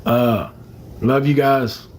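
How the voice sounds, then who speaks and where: A man's voice: medium pitch, steady tone, takes it slowly, a little hiss or hum. A young man chatting casually on a phone livestream, rambling and greeting commenters by name.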